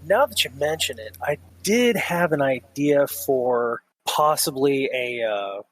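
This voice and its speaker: A man playing in a tabletop wrestling role-play, pitching ideas in an easygoing, casual way. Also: animated, slow, a bit bright, rough recording. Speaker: player.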